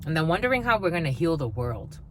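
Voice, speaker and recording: A tarot reader with a low, sing-song voice talks fast over background noise. She delivers a blunt spiritual reading to her viewers, scolding them and swearing freely throughout the monologue.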